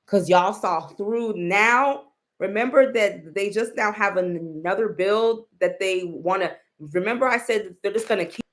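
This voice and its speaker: Woman commentator, slow and blunt, casual and profane, mid-pitched.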